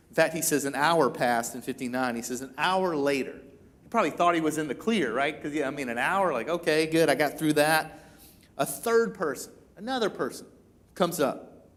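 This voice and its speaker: In a church, a pastor with a high, light voice preaches a sermon at normal speed. He tells the story in a chatty way, slipping into animated voices for the people he quotes.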